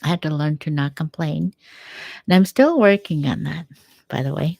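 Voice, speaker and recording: A woman giving a gentle, encouraging faith talk at home, quoting scripture as she reflects. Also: sits low, moderate pace, creaky, no room sound. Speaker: faith speaker.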